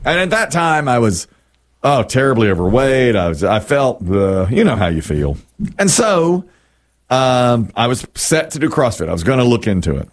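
Man, middle-aged, radio co-host, animated storyteller, very lively pitch. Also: normal speed. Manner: animated storyteller, acts out quotes. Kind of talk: casual radio banter.

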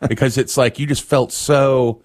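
A man's voice: medium pitch, fairly even intonation, unhurried, no room sound. A man co-hosting a radio show in a studio, chatty with wry quips. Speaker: radio co-host. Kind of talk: casual on-air banter.

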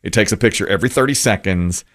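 A man in his fifties with a lowish voice talks fast while hosting a casual radio talk show. He's animated, tells long stories, and laughs often.

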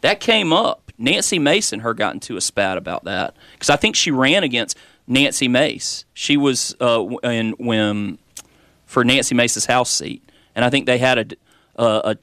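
A man's voice: mid-range voice, expressive, moderate pace, pushed and bright, no echo, studio quality. A man with a Southern American accent co-hosting a casual political talk show, opinionated and teasing. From South Carolina.

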